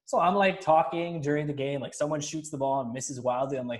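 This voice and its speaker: A young man hosting a casual chat, telling animated stories and laughing often. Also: fairly high pitch, a little fast. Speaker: podcast host. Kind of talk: casual conversation.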